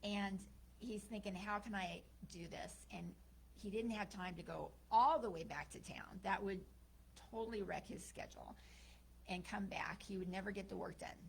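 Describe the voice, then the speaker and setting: A woman minister giving a sermon, telling a story and acting out its characters' lines in a lively way. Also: medium pitch, measured pace, gravelly, slightly rough, rough recording.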